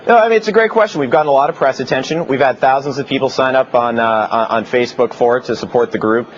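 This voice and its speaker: A man giving a TV news interview as a protest organizer, earnest and halting, with many fillers. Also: mid-range voice, highs cut off.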